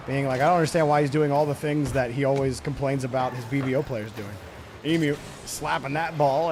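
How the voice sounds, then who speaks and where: A man's voice: mid-range voice, noisy background. A man casting a live video game match, chatting and giving play-by-play. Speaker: esports caster. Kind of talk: live game commentary and chat.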